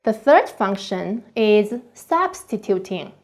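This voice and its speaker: A woman reading a scripted online course lecture slowly and carefully, with deliberate pauses. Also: medium pitch, big pitch swings, darkish tone.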